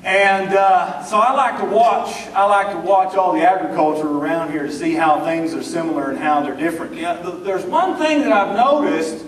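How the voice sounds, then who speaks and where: Man, Southern US accent, very high voice, folksy drawling humor, echoey hall, distant mic. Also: moderate pace, few pauses. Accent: Southern US rural. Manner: folksy storytelling, drawling jokes. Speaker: speaker. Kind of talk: humorous speech to an audience. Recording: echoey room, mic from far off.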